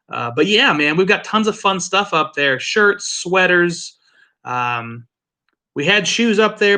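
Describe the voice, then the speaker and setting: A man's voice: fairly high pitch, pushed and bright. A man hosting a casual drinks livestream, rambling and joking with profane asides. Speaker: livestream host.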